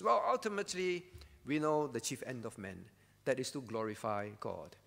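Male pastor, earnest teaching sermon, slightly high voice, echoing church hall. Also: fairly bright tone. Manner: earnest teaching, with frequent "all right?" check-ins and questions to the congregation. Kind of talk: sermon at a prayer meeting. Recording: long reverb of a church hall.

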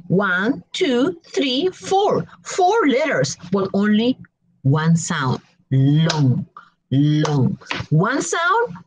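A woman's voice: fairly high pitch, slightly rough, poor audio. A woman teaching an English grammar lesson, repeating and drawing out words for her learners.

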